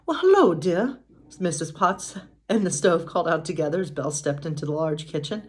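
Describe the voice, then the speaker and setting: A woman's voice: sits low, fairly quick, slightly rough. A woman pastor reading a bedtime story aloud, with chatty, casual asides and laughs.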